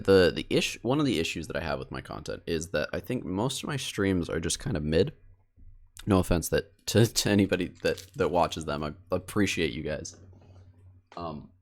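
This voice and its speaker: A male streamer editing video live, chatting casually and self-deprecatingly with his viewers. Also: deep voice. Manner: rambling and self-deprecating, talks straight to chat.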